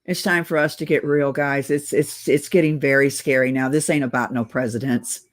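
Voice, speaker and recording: Speaking in a very deep voice with fairly even intonation and a moderate pace, a middle-aged woman on oxygen delivers an urgent direct-to-camera rant. Short of breath, the political vlogger calls her viewers guys and keeps a casual, conspiratorial air.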